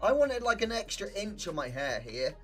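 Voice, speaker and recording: A man's voice: sits high, big pitch swings, moderate pace, a bit bright, breathy edge, soft background music. A young man chatting casually on a game stream, laughing often and swearing freely. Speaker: live-streaming gamer.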